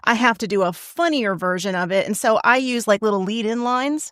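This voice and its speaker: A woman's voice: mid-range voice, brisk, fairly bright tone, dry recording, studio quality. A woman hosting a podcast and interviewing her guest in a chatty way, laughing often. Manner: chatty, laughs often, gives short backchannels. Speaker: podcast host and acting teacher. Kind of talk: casual interview chat.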